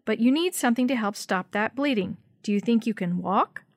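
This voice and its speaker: A woman voicing a frail, hobbling old woman who scolds loudly in a high, sharp voice. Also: lively intonation, a little fast, dry recording, clean studio sound. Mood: gentle. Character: cranky old woman, frail, hobbling, gruff then kind.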